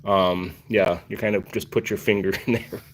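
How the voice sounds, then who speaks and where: Low-voiced man rambling to livestream chat. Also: fairly even intonation, moderate pace. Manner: rambling, filler-heavy explaining. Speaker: cat channel host.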